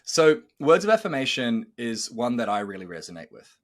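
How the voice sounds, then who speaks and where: A man's voice: mid-range voice, fairly quick. A man in his thirties hosting a podcast as a coach, telling stories animatedly and acting out quoted dialogue. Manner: animated storyteller, acts out quoted dialogue, swears. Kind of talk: casual podcast chat.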